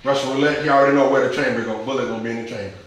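Impassioned preacher in a very echoey hall. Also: male voice, mid-range voice, steady tone, rapid-fire. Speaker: pastor. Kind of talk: sermon.

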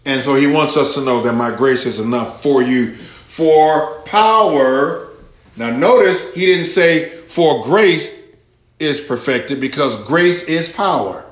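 A man preaching a sermon as pastor, slow and deliberate, rising with emphasis as he reads scripture aloud to his congregation. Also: medium pitch. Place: church hall. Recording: echoey church room.

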